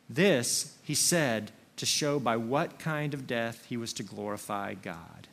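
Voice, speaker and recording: A man preaching a sermon, slow and earnest, leaning on single words for emphasis. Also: mid-range voice, vocal fry, fairly bright tone. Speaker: pastor.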